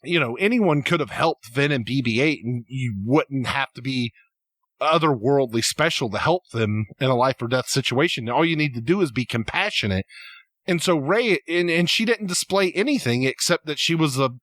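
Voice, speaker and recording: A man's voice: mid-range voice, expressive, a bit bright, dry recording. A man co-hosting a podcast, talking through fan theories in casual chat, hesitant and full of restarts. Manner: halting, many restarts, speaks in tangents. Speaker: podcast co-host.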